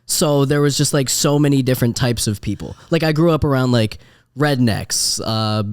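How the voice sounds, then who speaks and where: A man's voice: mid-range voice, normal speed, clean tone, no echo, clean studio sound. A young man hosting a podcast, asking questions and chatting in an easygoing, laid-back way. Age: young adult. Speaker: podcast host. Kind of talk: casual interview chat.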